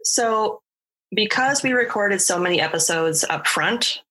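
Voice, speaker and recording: Bright, husky-voiced woman podcast host. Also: medium pitch, lively intonation, unhurried. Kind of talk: casual podcast chat.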